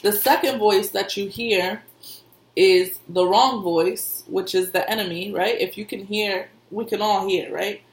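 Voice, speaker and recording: A woman's voice: medium pitch, measured pace. A woman who works as an intuitive reader and medium, giving casual spiritual advice in a conversational way, repeating herself and laughing often. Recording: echoey room.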